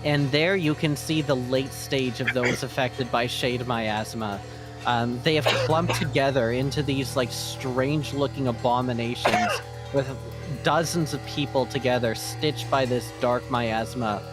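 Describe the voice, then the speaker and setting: A man narrating calmly as dungeon master, describing scenes with easy fillers. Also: medium pitch, measured pace, over music. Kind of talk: narrating a tabletop game.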